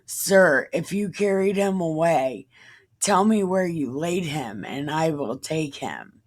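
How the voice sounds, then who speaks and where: A woman's voice: low voice, expressive, slow, exaggerated voice. A woman voicing Mary as a grieving, pleading woman during a casual Bible reading.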